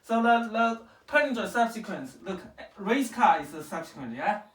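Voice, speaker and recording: A woman's voice: mid-range voice, animated, moderate pace. Woman teaching coding in an echoey room. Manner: patient, questioning, checks understanding often. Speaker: parent teaching programming. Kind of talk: casual home coding lesson. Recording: echoey room, far from the mic.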